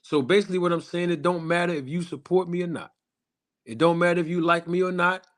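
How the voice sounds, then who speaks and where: A man hosting a boxing channel's live stream, speaking emphatically and repetitively straight to his viewers, slowing down to stress his points. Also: sits high, steady tone. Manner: slows down for emphasis on key lines. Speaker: boxing YouTube channel host.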